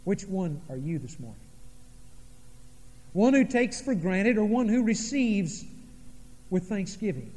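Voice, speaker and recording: High-voiced preacher in an echoing church. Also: male voice, very animated, a little mellow. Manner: dramatic preaching, pauses and sudden drops in volume. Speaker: pastor. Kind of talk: sermon. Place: church sanctuary.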